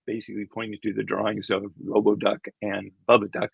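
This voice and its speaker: A man's voice: lowish voice, flat delivery, a little fast, creaky, slightly rough, no room sound. An older man, an animation creator, telling rambling anecdotes in a casual interview, chuckling and acting out quoted voices. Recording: dull lo-fi sound.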